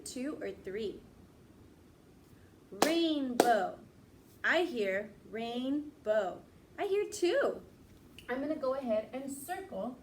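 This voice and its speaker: Slow, patient woman teaching young kids. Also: a little high, slight background noise. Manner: patient, encouraging, stretches out words. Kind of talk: slow, clear lesson for young children.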